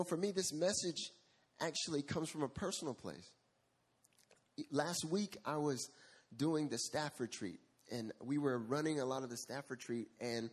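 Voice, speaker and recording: A male pastor delivering a sermon with animated storytelling and a husky voice, rising in volume for emphasis. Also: on the high side.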